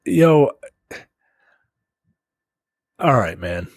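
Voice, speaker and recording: A man's voice: medium pitch, sing-song, very slow, dry recording, studio quality. Exasperated man ranting on a podcast. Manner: exasperated, rants with lots of "yo" and "like". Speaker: podcast co-host. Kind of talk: casual podcast chat.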